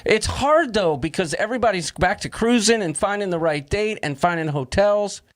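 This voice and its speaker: Upbeat high-voiced male host. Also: lively intonation, normal speed. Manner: jokey, punning, upbeat. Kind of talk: casual livestream chat.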